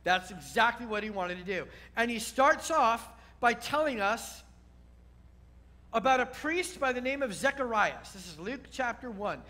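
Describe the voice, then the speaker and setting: High, bright-voiced rabbi teaching. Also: male voice, expressive, measured pace. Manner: teacherly, often checks in with listeners. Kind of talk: sermon teaching.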